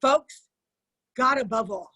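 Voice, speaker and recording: A woman's voice: fairly high pitch, slow pace, pushed and bright, poor audio. A woman guest on a video-call panel, speaking in an emphatic preaching cadence. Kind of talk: impassioned faith testimony.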